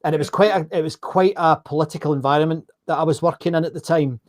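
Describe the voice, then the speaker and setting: A man with a Scottish accent hosting a live online interview, chatty and quick to laugh, often repeating his words. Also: on the high side, steady tone. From Scotland. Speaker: host.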